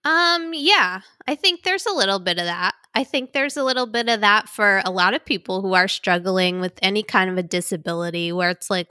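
A woman's voice: mid-range voice, expressive, brisk, hardly any pauses, sharp tone, clean tone, no room sound, studio quality. A young adult woman speaking thoughtfully in casual chat, reflective and a little hesitant.

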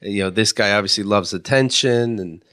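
A man's voice: on the low side, normal speed, fairly bright tone, clear, resonant tone. A man co-hosting a podcast who makes wry jokes and chats casually about his neighborhood. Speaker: podcast co-host. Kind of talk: casual chat.

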